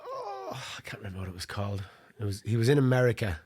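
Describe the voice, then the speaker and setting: Laughing Irish man, slightly low voice. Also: wildly swooping pitch, fast talker, darkish tone. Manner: chatty, laughs often. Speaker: podcast co-host. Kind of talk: casual chat.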